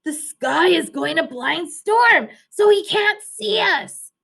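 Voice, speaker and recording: Steady protective storybook dog, woman reading, firm reassuring talk, kinda slow. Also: very high-pitched, creaky, voice pushed up, exaggerated voice.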